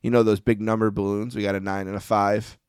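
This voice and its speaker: A man's voice: fairly low pitch, flat delivery, quick pace, darkish tone, smooth, no echo, studio quality. A man co-hosting a podcast in casual chat, rambling and easygoing with plenty of fillers. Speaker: podcast co-host.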